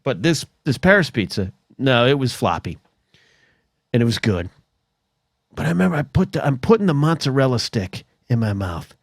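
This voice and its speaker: An American man hosting a solo podcast, rambling in an animated comedic rant that is full of restarts, swearing and mock voices. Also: medium pitch, moderate pace, gravelly, dry recording, studio quality. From United States.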